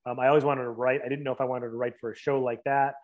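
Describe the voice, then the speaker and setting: A man in his forties talks quickly and loosely as an interview guest, his sentences running on with fillers and restarts. His voice sits at an ordinary middle pitch, and he moves briskly from one thought to the next. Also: flat delivery, narrow, tinny audio. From Boston area and New Jersey. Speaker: guest, writer. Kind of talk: casual interview chat.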